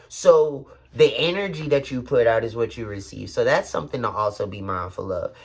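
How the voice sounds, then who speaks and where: A man in his thirties giving a candid, heartfelt vlog talk. He speaks directly to his viewers, earnest and open, with loose street slang and frequent "you feel me" asides. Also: mid-range voice. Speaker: vlogger.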